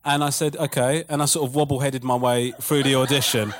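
A man, a comedian telling a profane, animated story on a podcast with a live audience, laughing often. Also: medium pitch, a little fast.

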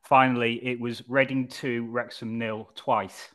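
A man co-hosting a fan podcast, putting short, quick-fire questions to his guest. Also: medium pitch, flat delivery, a bit bright, a little hiss or hum. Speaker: podcast co-host. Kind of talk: casual podcast interview.

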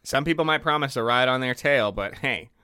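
A man's voice: medium pitch, a little fast, sharp tone, clear, resonant tone, dry recording, clean studio sound. A man co-hosting a comic podcast, reading a fairy tale aloud in a playful way. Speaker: podcast co-host and story reader. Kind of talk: comic storytelling chat.

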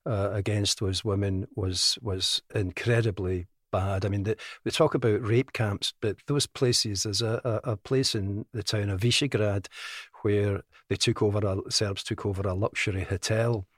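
Low-voiced older Glaswegian man. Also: fairly even intonation, no room sound, studio quality. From Scotland. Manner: measured, matter-of-fact recounting. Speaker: guest. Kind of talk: podcast interview.

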